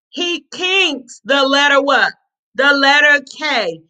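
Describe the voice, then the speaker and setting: A woman teacher leads a phonics read-aloud for little kids, sounding out each letter slowly and cheering the children on. Her voice is bright and fairly high, and she takes her time. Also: expressive. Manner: encouraging, drawn-out letter sounds, sing-song prompts.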